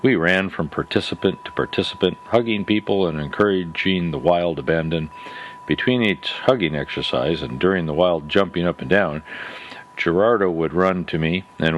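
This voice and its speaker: A man hosting a podcast, reading a scripted, reflective story in a measured, gently skeptical way. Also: deep voice, slight background noise. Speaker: podcast host.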